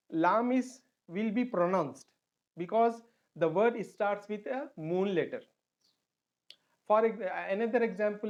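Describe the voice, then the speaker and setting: A man teaching an online lesson, patiently repeating points and checking that students follow. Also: high-pitched. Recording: dull lo-fi audio.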